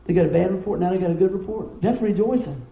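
A middle-aged man preaches a sermon in an animated, folksy style, full of stories and asides. His voice sits high but sounds dark and mellow. The sound carries the echo of a roomy church hall, with faint noise underneath. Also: fast talker, creaky. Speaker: pastor.

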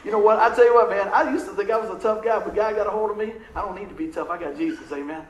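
A man with a high voice tells a story from the pulpit, folksy and heartfelt, asking the crowd for an amen now and then. His voice rings out in a roomy, echoing hall. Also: rapid-fire, a little hiss or hum. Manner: emotional, conversational, Southern-tinged storytelling with asides to the congregation. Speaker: preacher. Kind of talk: storytelling sermon.

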